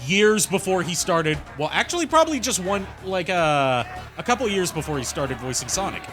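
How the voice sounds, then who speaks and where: A man's voice: sits high, very animated, moderate pace. A man streaming a game and chatting casually, rambling and opinionated with lots of fillers. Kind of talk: casual gameplay commentary. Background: game music.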